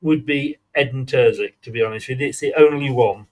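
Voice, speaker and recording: A man hosting a casual football fan chat, chatty and quick to laugh at his own jokes. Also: mid-range voice. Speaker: fan channel host.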